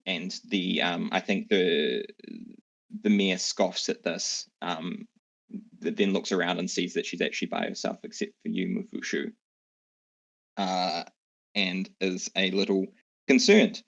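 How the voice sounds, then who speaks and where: Low gravelly dungeon master. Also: male voice, a little slow. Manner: relaxed, rambling, many fillers. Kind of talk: narrating a tabletop game online. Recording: dull lo-fi mic.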